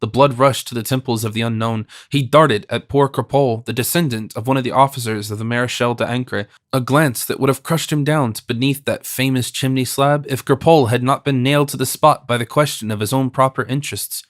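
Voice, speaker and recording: In a dry, studio-quality recording, a man reads a classic novel aloud for an audiobook. His medium-pitched delivery is measured and steady.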